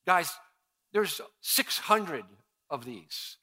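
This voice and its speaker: A man preaching to his church, animated and story-driven, often climbing loud for emphasis. His voice sits fairly high and has a bright, forceful edge. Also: extremely slow. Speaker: pastor. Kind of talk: sermon.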